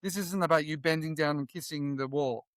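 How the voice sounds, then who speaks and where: A man with a notably high voice hosts an informal conversation. He jumps in with jokes and quick questions, and the recording is close and dry. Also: dry recording. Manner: joking, interrupts with quick wisecracks. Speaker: interviewer. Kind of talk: casual conversation.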